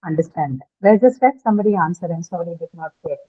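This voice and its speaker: A woman's voice: lowish voice, expressive, fast, slightly rough. A woman English teacher giving an online class. She talks patiently, asks the students questions and often checks with them by asking "right?". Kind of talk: online class lecture on word stress. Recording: tinny phone-like call audio.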